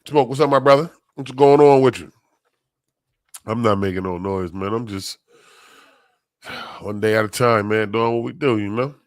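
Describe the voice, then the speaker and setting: A man who is sick and under the weather hosts a live stream, chatting casually with viewers in loose slang and greeting them by name. His voice is on the low side, at normal speed with long pauses, in a dry recording.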